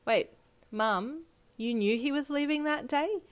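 Brief: bubbly teen girl, excited and affectionate, read by a woman. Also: sits high, a little slow, pitched above the performer's own voice. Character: cheerful affectionate teenage girl.

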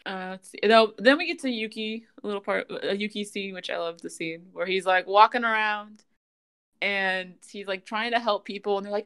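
A woman hosting a casual podcast, retelling scenes in an animated way and laughing often. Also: medium pitch, moderate pace, clear, resonant tone. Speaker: podcast host. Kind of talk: casual chat, recapping an anime.

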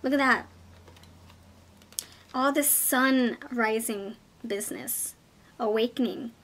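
A woman giving a casual pick-a-card tarot reading, chatty and easily excited. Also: a little high, slow. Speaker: tarot reader.

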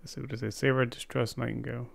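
Gravelly gamer reacting loudly to a game. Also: male voice, mid-range voice, little pitch movement, rapid-fire, noisy background. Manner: reactive, exclaiming, chatty. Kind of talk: let's play commentary. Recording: game sound loud behind the voice.

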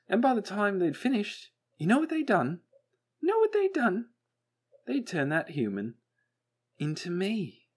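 Brief: man putting on a bumbling chatterbox robot guy, flippant and rambling, voice leaping up high, audiobook character voice. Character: manic chattering male robot, bumbling and bitter.

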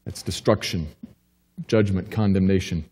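The sermon rings through the church sanctuary with a long reverb on the male pastor's warm, mellow voice. Speaking at normal speed with fairly even intonation, he preaches emphatically, building to urgent questions before easing down low and quiet to reassure.

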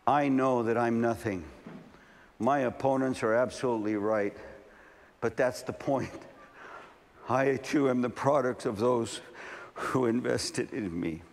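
A man's voice: medium pitch, unhurried, gravelly, long pauses. A male pastor in his fifties, from California, delivers a sermon at a large camp meeting. He tells stories with animation and acts out the voices in his dialogue. His voice rings with a long hall reverb over a faint background hum. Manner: animated storytelling, acting out dialogue.

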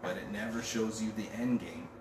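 A man with a lowish voice, talking at a normal pace, gives a conversational sermon as a church pastor. He jokes in a relaxed way and reads scripture aloud, heard through a distant, roomy recording with background noise.

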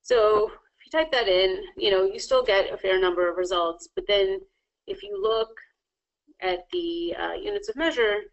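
A woman presenting a live webinar tutorial, talking quickly with many fillers. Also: medium pitch, muffled recording.

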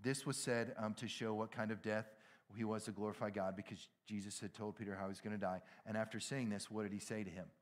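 Man, southern accent, middle-aged pastor, casual sermon, acts out scenes with loud highs and quiet drops. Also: fairly even intonation, fast talker. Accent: American Southern. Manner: casual storytelling, acts out dialogue with sudden loud high bursts and quiet drops.

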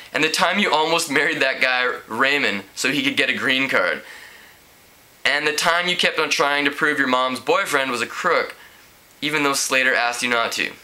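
A man's voice: medium pitch, sharp tone, pitched above the performer's own voice, poor audio. A man doing a wisecracking scheming teen boy. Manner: joking, persuasive.

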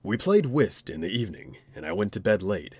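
Man, spooky story narration, animated rising and falling delivery, dry close mic. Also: lowish voice, fairly quick, husky, dry recording. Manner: expressive, dramatic reading. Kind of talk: scripted ghost story narration.

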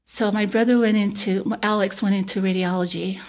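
Woman, forties, nurse guest; mid-pitched, earnest, easygoing storyteller. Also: a little fast. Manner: earnest, easygoing, with relaxed fillers. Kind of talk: conversational personal storytelling.

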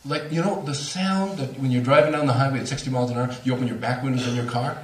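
A man, a speaker on near-death experiences, telling a story to a lecture audience with animated, laughing delivery. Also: mid-range voice, fast talker, roomy sound, recorded from a distance, slight background noise. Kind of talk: storytelling at a talk.

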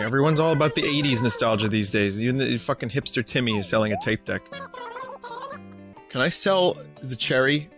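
Male streamer, sarcastic, swearing, middle pitch, game music clearly behind. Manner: sarcastic, profane, rambling. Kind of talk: let's play commentary.

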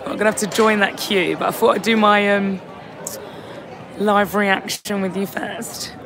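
A hoarse, tired woman hosting a casual live-stream chat outdoors outside a venue, reading out viewer comments into a phone held at arm's length. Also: mid-range voice, steady tone, a little slow. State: hoarse, lost voice. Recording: crowd noise on a busy street.

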